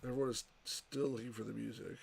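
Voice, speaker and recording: A man's voice: mid-range voice, level tone, fast talker, gravelly, darkish tone, slightly rough. Rambling man playing old computer games. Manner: rambling, restarts often, many "like"s. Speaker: retro game reviewer. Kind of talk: casual let's-play commentary.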